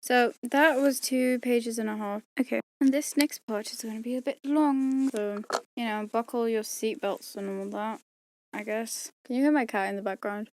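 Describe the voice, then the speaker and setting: Sounding tired and strained, a woman who narrates audiobooks rambles through a casual bloopers-and-outro chat, joking at her own expense. Her voice is fairly high, steady, and a little mellow at a moderate pace, with a bit of hiss or hum.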